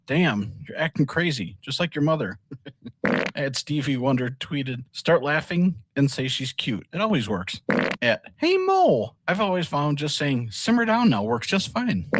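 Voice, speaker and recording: A man's voice: mid-range voice, fairly bright tone, no echo. A man hosting a comedy segment, reading listener tweets aloud and laughing between them. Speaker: segment host.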